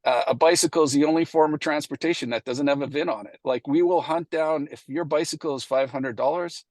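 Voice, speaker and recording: A man's voice: on the high side, a little fast, darkish tone, dry recording. A middle-aged man gives a casual, anecdotal presentation at a meeting, acting out past conversations and using many fillers. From Canada. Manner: anecdotal, acts out past dialogue, frequent fillers.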